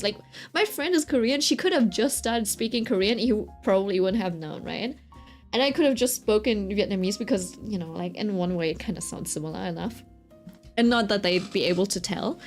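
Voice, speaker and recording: A young woman telling a story in casual chat, full of fillers and quick laughs, asking "right?" often. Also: on the high side. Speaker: vlogger.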